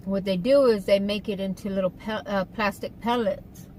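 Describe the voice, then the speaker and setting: A woman talks in a loose, rambling way, full of fillers, as she chats to viewers from inside her car. Her pitch sits mid-range. Behind her is a faint hum of car and street noise. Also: fairly even intonation, normal speed, darkish tone, rough recording. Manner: chatty, rambling, with fillers and asides. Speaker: vlogger. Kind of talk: casual eating-show chat.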